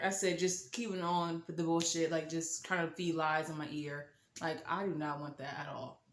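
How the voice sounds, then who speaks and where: A woman's voice: on the low side, a little fast, few pauses, fairly bright tone. Young woman, sassy storytime vlogger with dramatic asides; roomy, echoey sound. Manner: sassy, dramatic, slangy, mock-shocked asides. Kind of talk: animated storytime monologue.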